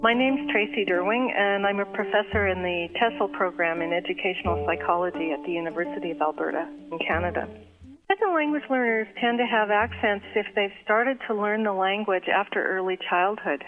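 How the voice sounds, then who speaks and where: A woman professor calmly explaining in a measured way why second-language learners keep accents. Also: mid-range voice, over music. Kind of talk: explanatory interview talk. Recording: phone-like narrow band.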